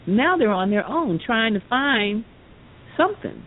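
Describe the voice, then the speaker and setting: The voice is sing-song and unhurried as this podcast speaker meanders through a story, sprinkling in lots of "you know" asides. It comes through a tinny phone line with a faint rumble beneath.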